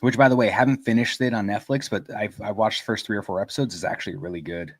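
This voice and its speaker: A man with a lowish voice trades blunt football opinions on a podcast. The sound is dry and close, with no room around it. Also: quick pace, no echo. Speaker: podcast co-host. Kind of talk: casual sports chat.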